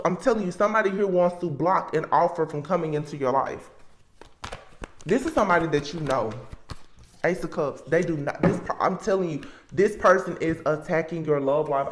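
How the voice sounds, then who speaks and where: A woman giving a casual tarot reading, talking emphatically and repeating herself as she thinks aloud. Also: fairly low pitch. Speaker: tarot reader. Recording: roomy echo.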